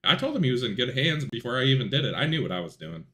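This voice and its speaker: A man hosting a podcast, talking casually about sim racing and telling rambling, animated stories. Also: mid-range voice, rapid-fire. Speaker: podcast host.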